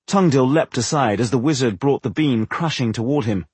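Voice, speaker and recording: A man narrating a fantasy novel as an audiobook, telling it in an expressive way. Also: mid-range voice, moderate pace, hardly any pauses, breathy edge, no room sound. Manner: expressive storytelling.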